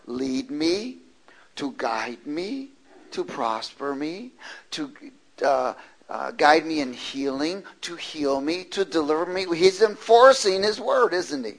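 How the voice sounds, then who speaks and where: A man's voice: high-pitched, low-quality recording. A man preaching a sermon and reading scripture aloud, stressing words and calling for responses from the congregation. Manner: emphatic, calls for responses from the congregation; draws out scripture words slowly, with sudden loud stresses.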